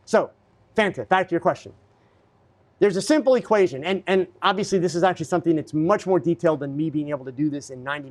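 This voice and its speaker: A somewhat high-voiced man hosts a live-streamed question-and-answer show. He talks bluntly and lectures his viewers, with lots of ums and restarts. He speaks into a studio mic at his desk.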